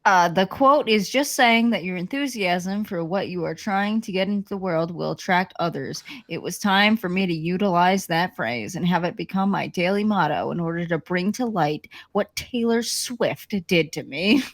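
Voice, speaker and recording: A woman's voice: fairly low pitch, moderate pace, few pauses, no room sound. A woman co-hosting a livestream, reading a book aloud and giggling between the passages. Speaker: guest co-host.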